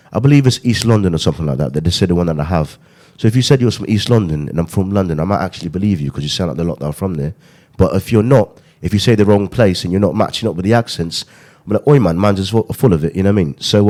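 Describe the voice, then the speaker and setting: A man's voice: low voice, darkish tone. A young adult man hosting a podcast, talking in a slangy, rambling way and tagging lines with "you know what I mean". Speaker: podcast host. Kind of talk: casual podcast chat.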